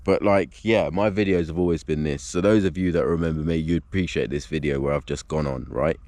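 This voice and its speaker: A man with a low, heavy voice talks straight to his camera in a loose vlog monologue. He rambles and swears, looping back with "like" and "do you know what I mean". The recording sounds dry and close. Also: fairly even intonation, a little fast, darkish tone, no room sound. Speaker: video blogger.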